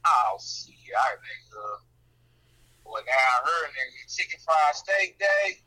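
A man's voice: mid-range voice, animated, takes it slowly, bright, forceful tone, rough recording. A man co-hosting a podcast, bantering in loose, slangy, profane casual chat. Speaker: podcast co-host.

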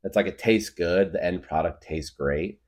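A man's voice: low-pitched, moderate pace, a little mellow. A man hosting a comedy podcast, rambling through a comic monologue packed with filler words. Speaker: podcast host.

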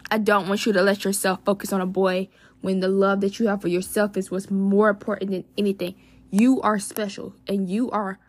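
A woman's voice: a little high, dry recording. A young woman hosting a casual advice podcast, bubbly and gushing, full of endearments and fillers. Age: young adult. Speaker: podcast host.

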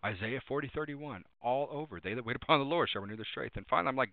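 Over a tinny, dry, phone-like line, a man with a medium-pitched voice delivers a sermon quickly and emphatically. He returns to refrains and quotes scripture verses.

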